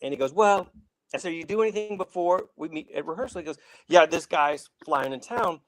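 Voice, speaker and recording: Brief: middle-aged man, lively rambling raconteur, slightly high voice, dry close sound. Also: fast talker, no echo, rough recording. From Saint Louis. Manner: animated, rambling with restarts, acts out quotes. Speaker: actor guest. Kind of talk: casual storytelling.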